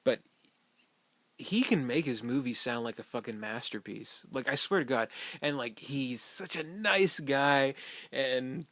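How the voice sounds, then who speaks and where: A man's voice: mid-range voice, expressive, measured pace, fairly bright tone, no room sound. A man giving a casual, rambling fan commentary on a film, loose and profane, full of fillers and small chuckles.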